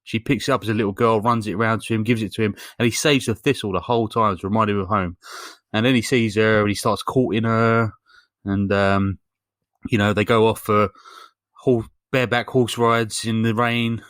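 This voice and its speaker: A fairly low-voiced man recaps a film for his podcast co-hosts, meandering through the plot with frequent ums and crude asides. His voice sits close and dry on the mic, with no room sound around it. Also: steady tone, normal speed, a bit bright, no room sound. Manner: rambling storyteller with lots of fillers and swearing. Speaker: podcast co-host. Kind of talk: casual comedic film recap.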